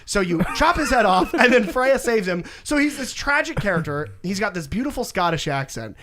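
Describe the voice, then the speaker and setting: A man's voice: high-pitched, very animated, moderate pace, fairly bright tone. A young man co-hosting a casual podcast, animatedly retelling a video game story and acting out the characters' lines. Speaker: podcast co-host.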